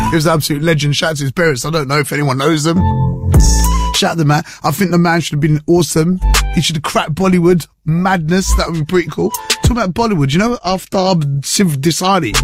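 A man's voice: fairly high pitch, quick pace. A man hosting a casual morning radio show, joking around and reading out listener messages. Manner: chatty, jokey, reads listener messages. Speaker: radio presenter. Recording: music bed under the voice.

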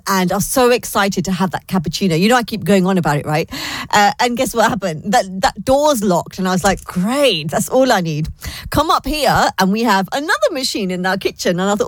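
A woman's voice: medium pitch, no echo. A woman presenting a breakfast radio show from a studio, chatting and telling a story while she keeps laughing. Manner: giggly, animated storytelling. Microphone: studio microphone.

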